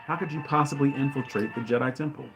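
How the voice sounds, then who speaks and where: A man hosting his own channel, delivering heated fan commentary. His voice sits mid-range and he keeps breaking into loud exclamations. Faint music plays under him. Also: mid-range voice, fast talker. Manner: ranting, exclaims loudly. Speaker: channel host.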